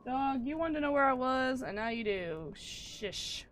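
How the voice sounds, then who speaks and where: A woman's voice: sits high, lively intonation, unhurried, fairly bright tone. Chatty American woman streaming a game. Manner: chatty, rambling, self-deprecating jokes. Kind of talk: casual live-stream commentary while gaming.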